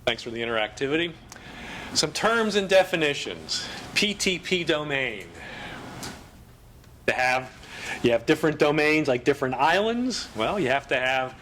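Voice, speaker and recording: A man giving a technical conference presentation, explaining terms in a brisk, fast-bursting way. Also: a little high, a bit bright, slight background noise.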